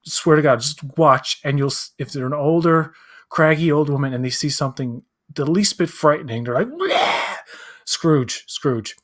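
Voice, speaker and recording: A man's voice: on the high side, steady tone, moderate pace, fairly bright tone. A man co-hosting a live pop-culture chat, rambling, acting out quotes and searching aloud for names. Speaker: co-host. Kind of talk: casual chat.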